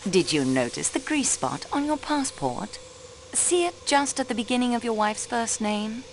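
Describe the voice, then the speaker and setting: A young woman with a slightly high voice and lively intonation speaks at a normal speed over faint background noise. In this video game voice acting, she plays a railway clerk turned amateur detective in a mystery game, a sharp, cool and persistent young sleuth who sounds poised and probing and drops in French phrases.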